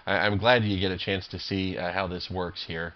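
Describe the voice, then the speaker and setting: A man's voice: sits low, little pitch movement, moderate pace, lo-fi sound. A man commentating his own online poker games, irritable and swearing, rambling with lots of fillers and restarts. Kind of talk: profane live game commentary.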